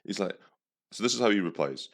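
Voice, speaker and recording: A man hosts a solo comedy podcast. His voice sits very low. He rambles through the story with dry sarcasm. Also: expressive, a little fast, creaky, a bit bright. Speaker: podcast host.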